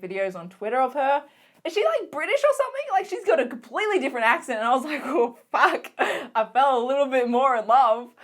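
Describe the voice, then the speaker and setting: A young Australian woman recapping her favorite shows in a casual, gushing vlog, giggly and excitable, full of fillers. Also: a little high. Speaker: vlogger.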